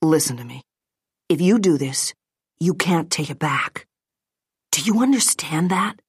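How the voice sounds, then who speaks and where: Woman as level-headed best friend, careful, firm, slow, dry close sound. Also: low-pitched, animated, slightly rough, dry recording, full character voice. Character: woman, steady and frank best friend of the bride.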